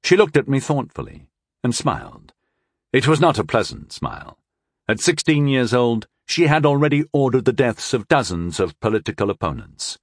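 A man narrating a fantasy audiobook in the first person, with an expressive storytelling delivery. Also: medium pitch, moderate pace, no echo, clean studio sound.

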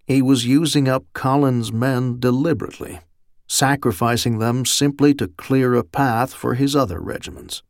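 A male audiobook narrator with a gravelly, medium-pitched voice reads scripted narration at a moderate pace, in a dry, studio-quality recording.

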